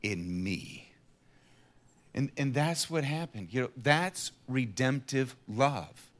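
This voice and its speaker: A middle-aged man earnestly telling a personal faith testimony in an interview, dropping to a hush and then rising to emphatic passages. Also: mid-range voice, animated, slow. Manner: earnest storyteller, swings from hushed to emphatic. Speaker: guest sharing a personal testimony.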